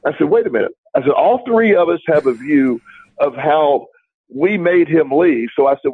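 A man's voice: a little high, lively intonation, fairly quick, vocal fry, husky, dry recording. A man co-hosting a talk show, telling a long story in a casual, rambling way, with many restarts and quoted dialogue. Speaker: podcast co-host. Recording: dry, tinny phone-like line.

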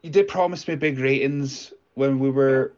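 A man's voice: mid-range voice, normal speed, muffled recording, close to an everyday voice. A man voicing a self-important male podcaster who stammers through an indignant voice note. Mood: apologetic. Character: pompous male podcaster leaving a scolding voice note.

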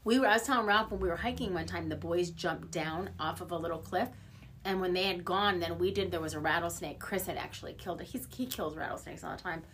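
A woman's voice: fairly low pitch, fast, fairly bright tone, a little hiss or hum. A middle-aged woman hosting a podcast in casual chat, talking easily with frequent fillers and laughs. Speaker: podcast host.

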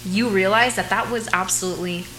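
A young woman guest in a casual podcast chat, an animated storyteller who laughs often and slips into Spanish. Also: mid-range voice, a little fast, echoey room, faint music behind, low-quality recording.

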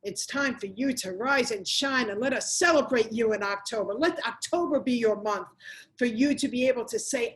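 A middle-aged woman coaches her viewers in an emphatic motivational talk. Her voice sits a little high, and she repeats key phrases to drive them home. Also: normal speed, low-quality recording.

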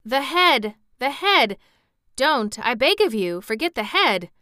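Woman reader voicing a fussy, excitable insect gentleman for a storybook, bright and crisp. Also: medium pitch, normal speed, no room sound, studio quality, natural voice. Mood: excited. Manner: eager, exclaiming. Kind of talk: storybook reading.

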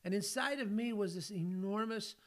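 On his faith podcast, this host and ministry leader shares personal stories, earnest and folksy. He's in his sixties, from California, and speaks in a high voice at normal speed.

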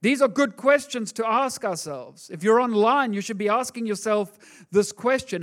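A male pastor preaching a sermon in an animated, conversational way, acting out the voices he quotes. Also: sits high, moderate pace.

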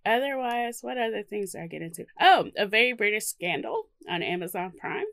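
A woman co-hosting a casual chat podcast, relaxed and quick to laugh. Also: mid-range voice, dry recording. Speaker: podcast co-host.

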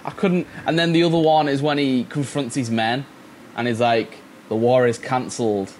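A man's voice: medium pitch, moderate pace, a little hiss or hum. A man co-hosting a casual movie podcast, rambling along in a wry, incredulous way. His talk is loose and full of restarts. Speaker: podcast co-host.

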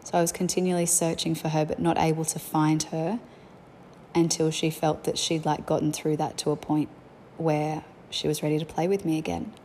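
Here a young woman, a mother, tells loose, honest stories of home and family in a chatty, thoughtful way. She speaks low and level at an ordinary pace, her tone dark, over a faint bed of background noise.

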